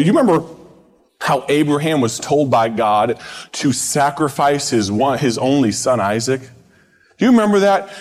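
A man preaches a live sermon in a mid-range voice, pleading with his listeners through repeated questions. He swings from ringing appeals down to quiet, low phrases. A long reverb trails his words around the hall. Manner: impassioned, rhetorical questions, swings between loud and hushed.

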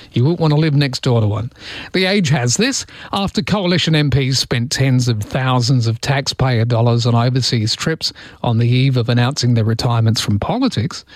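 A man's voice: medium pitch, no echo. An Australian man hosting early-morning radio, chatting with a self-mocking humour and reading out listener texts and news headlines. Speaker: radio host.

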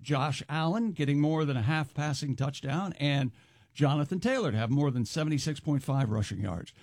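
Male co-host, slightly high voice, brisk upbeat sponsor read. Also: no echo, clean studio sound. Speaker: podcast co-host reading an ad.

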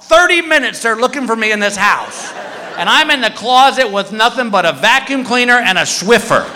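A man telling a stand-up story on stage, animated and acting out other people's voices. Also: extremely high pitch, brisk, slight background noise. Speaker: stand-up comedian. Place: comedy club stage. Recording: echoey live venue with crowd. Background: audience laughter.

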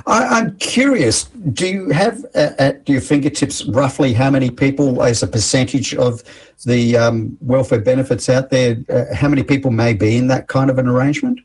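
A man's voice: medium pitch, moderate pace, a little mellow, husky. A man interviewing a guest, curious, with short prompts and the odd jokey aside.

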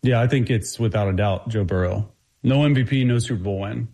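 A man who is a guest football analyst, talking quickly and confidently through his breakdown, with frequent restarts. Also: lowish voice, warm tone. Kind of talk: casual sports talk.

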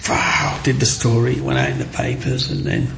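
A middle-aged man, chatting as an interview guest and telling his story in a lively way, acting out the voices of people he quotes. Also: medium pitch, a little fast, vocal fry, slight background noise. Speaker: guest, micro-sculptor.

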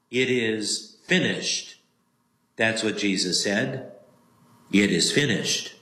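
A man preaching a sermon as a pastor, slow and emphatic, leaning on single words with long pauses. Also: mid-range voice, sharp tone, echoey room, rough recording.

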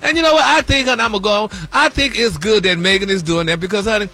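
A man's voice: high-pitched, fast talker, vocal fry, pushed and bright, soft background music. A man hosting celebrity news on a radio show, sassy and gossipy, calling everyone honey and y'all. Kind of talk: gossipy casual talk radio.

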